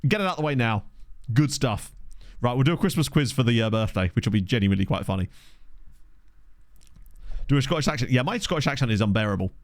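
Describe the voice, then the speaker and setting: Lively, chatty male game streamer. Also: mid-range voice, fast talker, pauses often, dry recording, studio quality. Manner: chatty, reads chat aloud, excitable reactions to match play. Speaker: streamer playing a football management game. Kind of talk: casual live-stream chat with commentary. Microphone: desk microphone.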